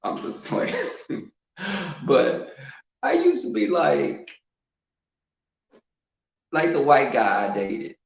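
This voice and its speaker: A man telling casual stories at home, animated and loud when he quotes people, in an echoing room. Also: extremely slow, creaky, pauses often. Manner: animated, swings loud and high when quoting. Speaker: storyteller. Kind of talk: casual storytelling. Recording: roomy home echo, muffled sound.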